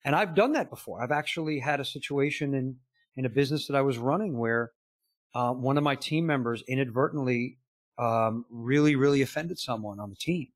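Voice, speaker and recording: A man's voice: medium pitch, a little fast, no echo. A middle-aged man, a business coach, earnestly telling stories in an interview, full of "you know" and quoted dialogue. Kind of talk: conversational interview answer.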